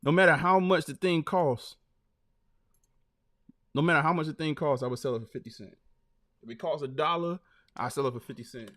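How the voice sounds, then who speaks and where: A man's voice: on the high side, brisk, pauses often, fairly bright tone. A man hosting a live stream, telling stories loosely and dropping "man" and "like" between phrases. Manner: loose, storytelling, lots of fillers like "man". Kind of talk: casual live-stream chat.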